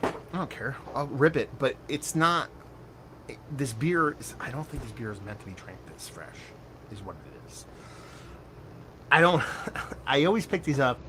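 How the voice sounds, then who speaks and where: An excitable man chatting his way through a beer tasting in an easy, animated way. He mocks himself and curses freely, with a mid-pitched voice. Clear background noise runs under his talk. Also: moderate pace. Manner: animated, excitable, self-mocking with loose cursing. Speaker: beer reviewer. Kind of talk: casual beer tasting review.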